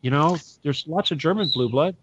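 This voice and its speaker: A man's voice: a little high, normal speed, highs cut off, noisy background. A man hosting a casual online talk show, telling rambling stories with laughs and restarts. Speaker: podcast host. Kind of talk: casual chat.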